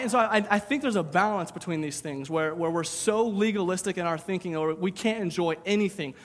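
A man's voice: high-pitched, a little fast, hardly any pauses, big-room sound. A man preaching a sermon as pastor, talking casually, repeating words and asking "right?".

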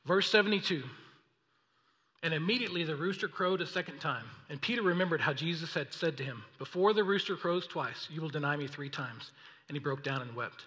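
A man preaching a sermon, reading scripture and acting out the people in the story in an animated way. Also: fairly high pitch, a little fast. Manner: animated, acts out voices of the story. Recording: long reverb of a hall.

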